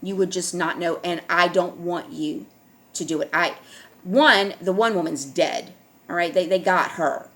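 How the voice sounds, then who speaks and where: A woman's voice: lowish voice, a little slow, a bit bright. A woman vlogger speaking in an emphatic, repetitive monologue to her viewers, often checking in with "all right?".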